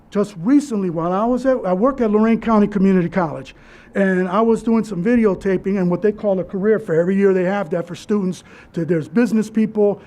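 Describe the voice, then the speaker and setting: Man, keynote speaker at a memorial, high voice, earnest and halting, restarts often. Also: mellow. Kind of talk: personal memorial speech.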